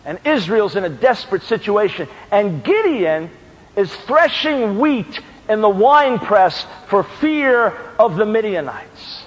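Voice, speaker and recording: A preacher from New York delivering an impassioned sermon that builds to shouted questions. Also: male voice, sits high, big pitch swings, a little slow, highs cut off. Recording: long hall reverb.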